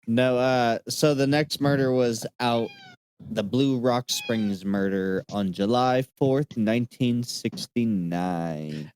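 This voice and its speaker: A man's voice: mid-range voice, slow pace, a little mellow, clear, resonant tone. A man hosting a casual podcast, recounting a case from his notes with frequent "uh" fillers. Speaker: podcast host.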